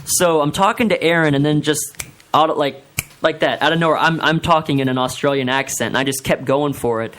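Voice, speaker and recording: A young man in his twenties tells a long, rambling story on a talk radio show. His voice sits a little high, and he pokes fun at himself. He sounds animated as he talks with the other hosts in the studio. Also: brisk. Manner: rambling, animated, self-deprecating.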